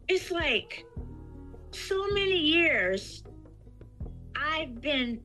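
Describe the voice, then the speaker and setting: Slow-talking bright-voiced woman telling a story. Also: high voice, faint music behind, poor audio. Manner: animated storytelling, acting out quoted voices. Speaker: guest.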